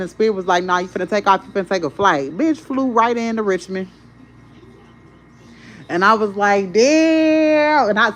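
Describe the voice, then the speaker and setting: A woman, a spiritual content creator, tells viewers a rambling, animated, profane story in casual chat. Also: lowish voice, low-quality recording.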